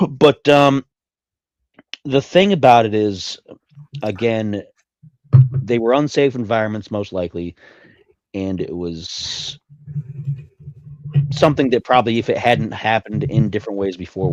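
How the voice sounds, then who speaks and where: A man talking on a podcast in a dry, deadpan and sarcastic way. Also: lowish voice, measured pace, long pauses, no room sound. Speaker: podcast co-host. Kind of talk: casual chat.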